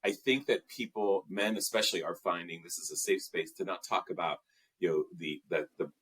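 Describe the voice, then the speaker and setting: A man with a low, fairly bright, breathy voice appears as an interview guest, talking a little fast about his work as an emotional intelligence trainer. He comes across as earnest and reflective, using frequent fillers.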